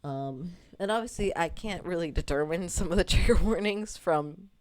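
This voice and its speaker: A woman's voice: fairly low pitch, moderate pace. A woman streamer chatting casually to her chat about her game, rambling, laughing often and swearing casually.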